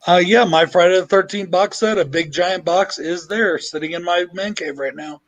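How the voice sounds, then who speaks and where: A man's voice: high voice, normal speed, poor audio. A man chatting on a livestream video call, swearing freely as he rants about his week. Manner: profane, ranting. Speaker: livestream panelist. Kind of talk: casual group chat.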